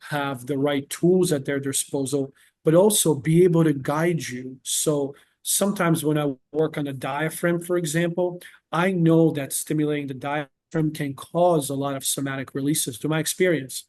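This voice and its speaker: A man's voice: fairly high pitch, steady tone, normal speed, a little mellow. A man working as a therapist, talking in a casual interview and explaining earnestly with patient examples.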